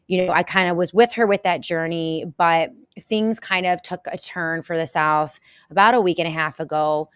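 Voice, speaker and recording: A woman hosting a live show, talking to her viewers in a halting, emotional way and close to tears. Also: low-pitched, fairly bright tone, clear, resonant tone, no room sound. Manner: halting and emotional, many pauses and restarts. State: tearful, close to crying. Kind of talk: casual live-stream talk to viewers.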